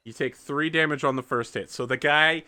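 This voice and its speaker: A man narrating a tabletop role-playing game as game master, animated and profane, full of fillers. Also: on the high side, normal speed, slight background noise.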